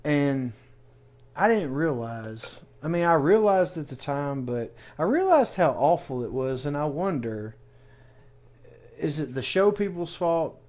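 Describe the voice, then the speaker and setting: A man's voice: fairly high pitch, very animated, measured pace, a little mellow. A man from the United States co-hosting a casual podcast, telling stories in a rambling, stop-start way. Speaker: podcast co-host. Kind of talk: casual chat.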